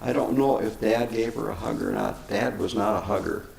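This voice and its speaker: An older man, a Buddhist teacher, answering questions with unhurried, chuckling stories. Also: lowish voice, wildly swooping pitch, creaky, a little mellow. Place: meditation center hall. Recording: echoey room, faint noise.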